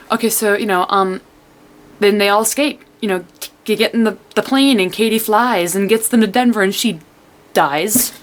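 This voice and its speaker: A young woman reviewing a book in a casual vlog, excitable and rambling, full of "like" and acting out her own reactions. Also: medium pitch, moderate pace, a little hiss or hum.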